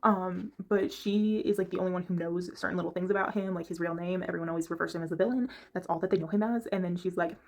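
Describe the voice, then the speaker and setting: A woman's voice: fairly low pitch, steady tone, fast talker, hardly any pauses, darkish tone. A woman chatting casually about books from her bedroom, rambling and stopping to hunt for the right word. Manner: chatty, rambling, gropes for words. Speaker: book reviewer. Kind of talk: casual chat.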